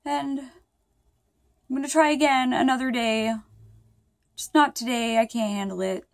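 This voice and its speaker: With a fairly high voice at normal speed, a young woman vlogs casually from her bed, with no audible room sound. She rambles on, sounds distressed and repeatedly says sorry to her viewers.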